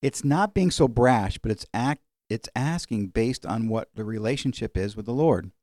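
A man teaching a sermon in a conversational way, slowing down when he quotes scripture. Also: mid-range voice, animated, a little mellow, dry recording, clean studio sound. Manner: conversational, varies pace for emphasis, slows on scripture. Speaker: pastor.

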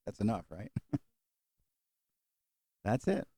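A middle-aged male pastor preaching a sermon and closing in prayer, folksy and animated, acting out little quotes and jokes. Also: on the low side, slow, breathy edge, no echo.

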